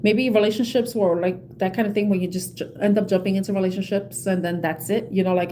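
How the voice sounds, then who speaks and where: A woman's voice: medium pitch, fairly even intonation, brisk, few pauses, mellow, slight background noise. A woman giving a casual tarot reading to her viewers, chatty and laughing often, with many "you know"s. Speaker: tarot reader.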